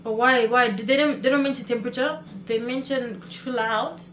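A woman hosting a casual music video reaction, chatty and excitable, exclaiming often. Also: fairly high pitch, moderate pace, slight background noise. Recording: echoey room with music behind.

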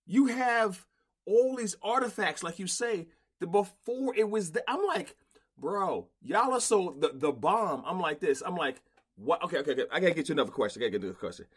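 A man hosting a casual podcast interview, slangy and animated, often repeating himself. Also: high-pitched, fast, husky. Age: older. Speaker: podcast host.

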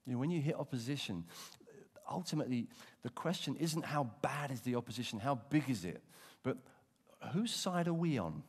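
A man in his pulpit, preaching a sermon as a pastor. His middle-pitched voice tells stories with animation, swelling and then dropping to a hush for emphasis. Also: fairly quick, slightly rough, long reverb tail.

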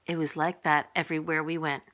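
A middle-aged woman reading a picture book aloud to young children in a lively way, jumping up in pitch for the characters' lines. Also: brisk, noisy background. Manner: lively, voices characters with big pitch jumps.

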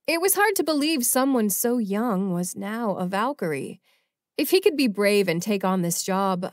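A woman narrating a paranormal romance audiobook in first person, with a measured, expressive reading. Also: mid-range voice, dry recording, studio quality.

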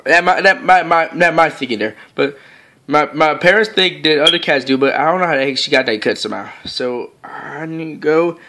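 A man vlogging casually with his cats, rambling and halting with lots of fillers and soft coaxing pet talk. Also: a little high. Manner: rambling and halting, with many fillers and broken sentences.

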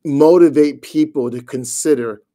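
A man's voice: on the high side, moderate pace. A man speaking as a missionary leader in a conversation about ministry, emphatic and fond of repeating phrases for effect. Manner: energetic, emphatic repetition.

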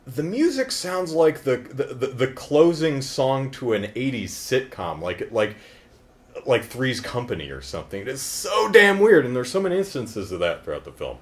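A man reviewing a bad horror film in a loose, joking way, full of wry asides and tangents. His pitch swings widely as he talks, lifting high for punchlines and dropping low for deadpan remarks. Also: normal speed. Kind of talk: casual comedic movie review.

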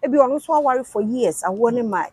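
A woman's voice: a little high, expressive, fast, mellow, husky, no room sound. A woman from Ghana hosting a TV talk show, encouraging her guest with frequent short acknowledgements. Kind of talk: interviewing.

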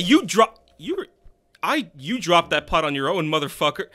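A man streaming a game in casual commentary, excitable and quick to yell and swear at the characters, drifting into rambling stories with many restarts. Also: sits high. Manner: rambling anecdotes with frequent restarts.

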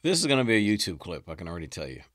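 Man, fairly low voice, quick lively reactions, dry sound. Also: no echo. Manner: brief reactive comments. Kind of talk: casual chat.

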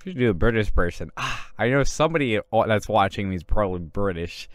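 A man's voice: fairly low pitch, fast, few pauses, dry recording, studio quality. A man and gaming YouTuber making casual, self-amused asides over gameplay, often mumbling.

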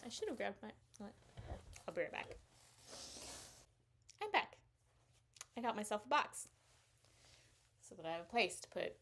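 Showing off her purchases, a female knitting podcast host chats in an enthusiastic, casual show-and-tell, rambling somewhat and using fillers. Her voice is medium in pitch, with slight background noise.

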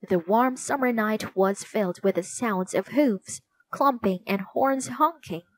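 A woman reading a children's storybook aloud in slow, clear narration. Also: mid-range voice. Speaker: storybook reader.

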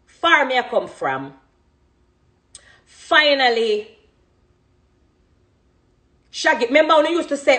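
A woman's voice: a little high, expressive, fairly quick, long pauses, sharp tone. A woman in her thirties with a Jamaican accent speaking passionately and emphatically about her career, full of thanks. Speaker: dancehall artist. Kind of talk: emotional spontaneous speech.

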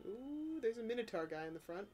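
A young woman co-hosting a casual let's play, playful and quick to laugh while reading on-screen text. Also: fairly high pitch, big pitch swings, warm tone, soft background music. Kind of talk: casual gaming chat.

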